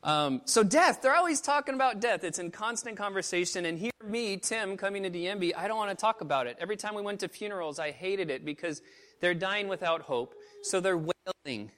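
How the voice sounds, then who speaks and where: A man's voice: expressive, brisk. Man preaching an emotional sermon. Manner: emotional storytelling, swinging from loud outbursts to hushed low tones. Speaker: missionary pastor.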